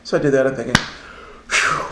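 A man's voice: medium pitch, normal speed. A man, a self-published Christian author, telling a story in casual conversation and acting out the voices he heard. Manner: animated, laughing storyteller who acts out voices. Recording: roomy echo, faint background noise.

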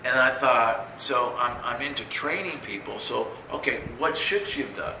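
A man telling a story in a casual, rambling way, often asking "right?" and jumping high when quoting himself. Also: moderate pace, creaky, background noise. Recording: roomy echo.

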